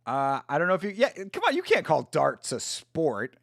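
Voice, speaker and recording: A man's voice: on the high side, huge pitch swings, normal speed, gravelly, a bit bright, no room sound, clean studio sound. A man hosting a casual live stream, chatting with viewers, laughing often and apologizing for it. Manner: laughs a lot and keeps apologizing. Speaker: livestream host.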